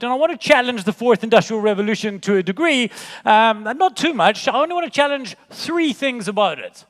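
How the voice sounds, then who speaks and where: High-voiced joking keynote speaker in a hall. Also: male voice. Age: 40s. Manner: jokey, animated, storytelling. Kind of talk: conference keynote with storytelling. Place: large conference hall. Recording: long reverb in a conference hall.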